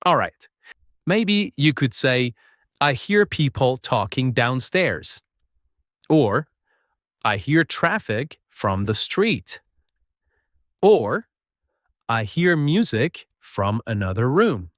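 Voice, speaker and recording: A man teaching a beginner English lesson, speaking slowly and patiently and modeling sentences for listeners to repeat. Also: medium pitch, big pitch swings, fairly bright tone, no echo, studio quality. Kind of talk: slow, clear spoken English lesson.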